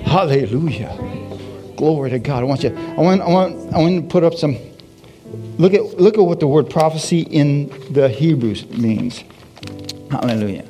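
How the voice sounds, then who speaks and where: A man's voice: on the high side, moderate pace. A man preaching a sermon with energy, asking the congregation questions and repeating "Hallelujah" as he goes. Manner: animated preaching with call-and-response, repeated "Hallelujah". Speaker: pastor. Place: church service. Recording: faint music behind.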